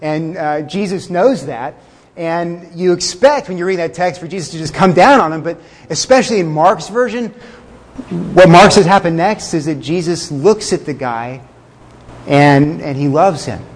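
A man preaching a sermon in a conversational way, with fillers, chuckles and slowed words for emphasis. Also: on the high side, long reverb tail. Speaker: pastor.

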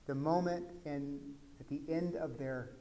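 A man from Texas, a pastor, preaching a conversational sermon that swings from quiet asides to loud, emphatic peaks. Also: a little high, steady tone, measured pace.

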